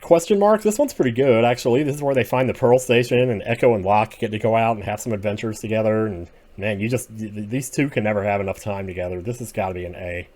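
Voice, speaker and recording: A man giving casual solo commentary as he ranks TV episodes, rambling and opinionated, drifting between quiet muttering and sudden outbursts. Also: on the low side, fast talker, hardly any pauses. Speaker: video creator ranking TV episodes.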